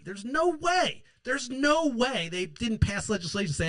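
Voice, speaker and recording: A political podcast host speaks slowly in a very high, sing-song, slightly bright voice, recorded dry. Angry and sarcastic, he swears throughout and mocks his opponents with put-on quotes.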